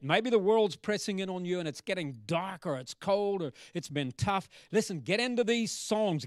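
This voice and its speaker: A man's voice: a little high, fairly bright tone, no echo, clean studio sound. A man preaching a sermon in a playful, teasing way, reciting song lyrics before turning serious. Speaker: pastor.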